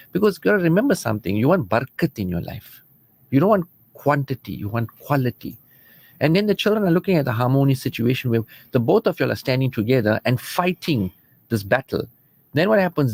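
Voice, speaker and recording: Speaking from a radio studio, an earnest man with a medium-pitched, creaky, a little mellow voice counsels listeners about marriage. His manner is easy and conversational, and he readily imitates bickering spouses.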